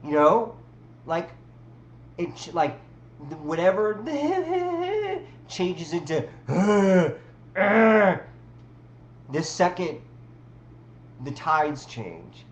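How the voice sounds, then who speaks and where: Slow, lively woman ranting on a livestream. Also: fairly low pitch. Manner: rambling, many restarts and fillers, talks to chat. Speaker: livestream host. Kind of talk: casual livestream rant. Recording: roomy with faint background hum.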